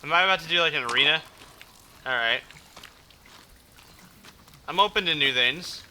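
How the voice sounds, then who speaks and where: A man's voice: on the high side, moderate pace, bright, forceful tone, a little hiss or hum. A man doing let's play commentary, swearing constantly and yelping in panic at enemies over game sounds. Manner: profane, panicky, yelps and curses at enemies. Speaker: gaming YouTuber.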